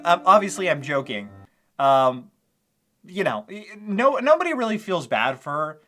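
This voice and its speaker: A man's voice: on the high side, sing-song, measured pace, a bit bright, soft background music. A male commentary host who talks over video clips, mocking and sarcastic, with small laughs between his points.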